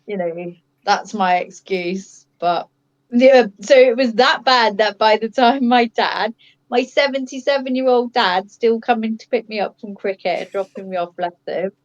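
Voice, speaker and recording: A woman from England whose English accent carries an Australian tinge, telling lively anecdotes in casual chat as a podcast co-host. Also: mid-range voice, dull audio. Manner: lively, laughing anecdote teller.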